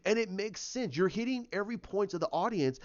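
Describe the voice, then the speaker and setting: An opinionated man ranting in a casual vlog. His voice sits a little high for a man. The recording is dull and lo-fi. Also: animated, brisk. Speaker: YouTuber.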